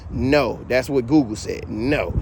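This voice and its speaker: A man telling a story to the camera in a casual, animated rant. He swears a lot and keeps asking "you know what I'm saying". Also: mid-range voice, unhurried, slight background noise.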